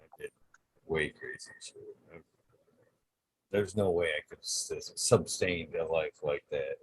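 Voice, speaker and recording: A man's voice: very deep voice, slow pace, slight background noise. A man hosting a podcast, telling wild stories in a casual, profane chat. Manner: profane, animated storyteller. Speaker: podcast host.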